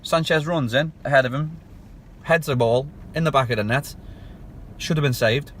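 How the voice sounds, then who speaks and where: A man's voice: mid-range voice, normal speed, a bit bright, slight background noise. A man giving a passionate, ranting fan review of a match in clipped, punchy phrases. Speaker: football fan channel host.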